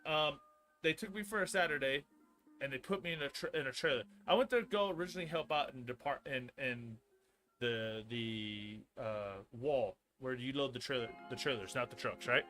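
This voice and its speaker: A man in his thirties telling a long work story on a stream, profane and rambling, growing loud and heated as he goes. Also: mid-range voice, normal speed, soft background music. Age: 30s. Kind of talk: casual storytelling chat.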